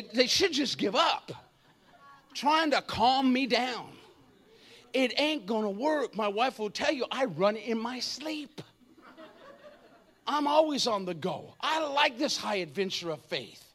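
A man in his fifties preaching an energetic, comedic sermon, joking and acting out voices. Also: extremely high pitch, unhurried. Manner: animated, jokey, acts out voices, shouts at times.

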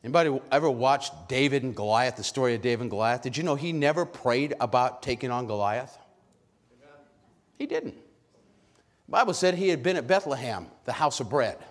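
A man preaching a sermon with lots of energy, calling out questions to the congregation and shouting at high points. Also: expressive, brisk. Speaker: pastor. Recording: long hall reverb.

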